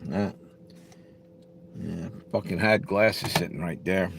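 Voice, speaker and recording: In a low, gravelly voice and at a slow pace, a middle-aged streamer talks casually with viewers, rambling bluntly and swearing freely. Faint noise sits in the background.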